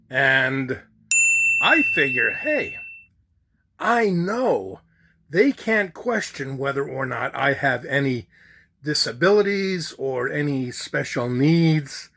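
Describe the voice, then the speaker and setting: Slow, lively older comic storyteller man. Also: a little high. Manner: animated, laughs at his own jokes. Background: faint guitar music.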